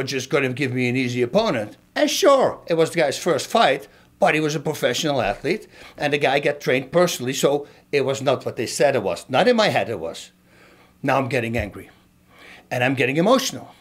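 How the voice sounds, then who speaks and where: A man's voice: medium pitch, brisk. A middle-aged man, a former fighter, telling a story and breaking down a fight for his viewers in a casual, emphatic way. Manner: animated, emphatic, talks straight to viewers.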